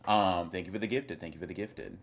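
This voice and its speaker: A man's voice: low voice, a little fast. A young man streaming live, reading chat and teasing viewers in a rambling, casual way with lots of fillers and repeated words.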